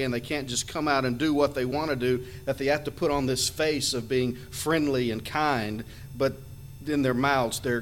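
A man preaching a sermon, earnest and emphatic, reading Bible verses aloud and slowing down on his key phrases. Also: mid-range voice, slight background noise. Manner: reads Bible verses in old-fashioned wording. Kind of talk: sermon on scripture.

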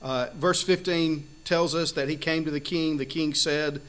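A man's voice: a little high, fairly even intonation, unhurried, hardly any pauses, fairly bright tone. A man preaching a sermon in an earnest, conversational way, reading scripture aloud and explaining it with frequent fillers.

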